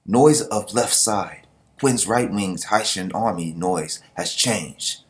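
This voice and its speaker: Slow, icy male general as a man reads him aloud; keep it measured and unhurried. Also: fairly low pitch. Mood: cold, dismissive.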